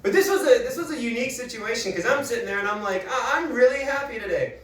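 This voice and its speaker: Animated, high-voiced man doing stand-up. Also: fast. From Manitoba, Canada. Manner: animated, self-deprecating, laughing through punchlines. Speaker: stand-up comedian. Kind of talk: stand-up comedy set. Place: comedy club stage. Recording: roomy club recording from a distance, audience noise.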